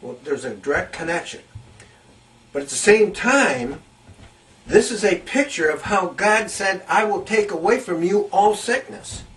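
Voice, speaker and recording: Slow, high-voiced preacher heard from afar. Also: male voice, expressive, fairly bright tone, far from the mic, poor audio. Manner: deliberate, emphatic, repeats key phrases. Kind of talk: Bible teaching sermon.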